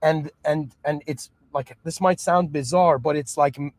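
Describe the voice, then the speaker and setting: A man's voice: a little high, steady tone, a little slow, no room sound. A man who moved to Canada as a child, talking earnestly in a reflective monologue, restarting often and checking that the listener understands. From moved to Canada at seven. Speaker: podcast host.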